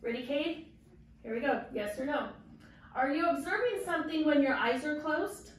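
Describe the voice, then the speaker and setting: A woman kindergarten teacher leads a vocabulary lesson with a bright, high voice. She asks slow, patient questions and has the children repeat after her. She is recorded from a distance in a very echoey classroom with faint background noise. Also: expressive. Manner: slow, patient questioning with call-and-response prompts.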